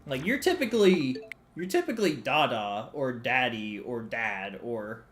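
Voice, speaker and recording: A man's voice: medium pitch, a little slow, faint music behind. A man chatting casually to his viewers on a live stream, alone in a small room, swearing loosely and jumping between topics. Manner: animated, swears casually, talks to chat.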